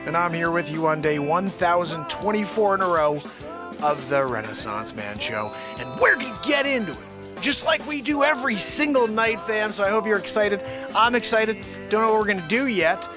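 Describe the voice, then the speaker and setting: A man hosting his nightly live show, joking around and swinging between loud hype and low mutters. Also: normal speed, music in the background. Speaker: host. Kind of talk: comedic live-stream banter.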